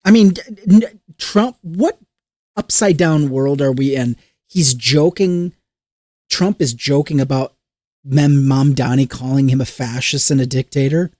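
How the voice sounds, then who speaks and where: A podcast host rants in casual political chat, exasperated and animated, with swearing sprinkled throughout. The voice sits at a middling pitch. The recording is dry and close, with no room sound. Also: a little slow, no echo.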